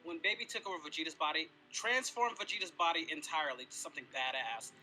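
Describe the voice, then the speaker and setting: Man, livestream debate, very bright sharp voice, lively swinging pitch, argumentative, swears a lot. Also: fast talker, a little hiss or hum, rough recording. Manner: animated, argumentative, swears freely. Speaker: streamer answering chat questions. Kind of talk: casual livestream chat and debate.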